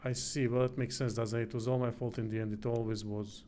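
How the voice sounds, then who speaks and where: A man's voice: mid-range voice, flat delivery, quick pace, dark tone, slight background noise, natural voice. A man reading the lines of a tired, guilt-ridden man in a wheelchair in a text game, in a plain, weary way.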